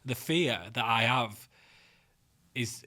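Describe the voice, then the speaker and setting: Male podcast host, casual and rambling, mid-pitched voice. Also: slow pace, sharp tone. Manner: chatty, many fillers and restarts. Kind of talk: casual interview chat.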